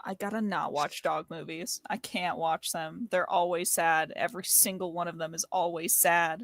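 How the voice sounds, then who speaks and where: A woman chatting during a tabletop game, excitable and emphatic. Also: on the low side, normal speed, no echo. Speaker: player. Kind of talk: casual chat at a tabletop game.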